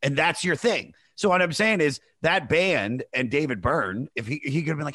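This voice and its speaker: A young male comedian telling a story in an animated way, swearing and acting out quotes. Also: a little high, normal speed, few pauses, no room sound, studio quality. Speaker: comedian, podcast guest. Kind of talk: casual storytelling chat.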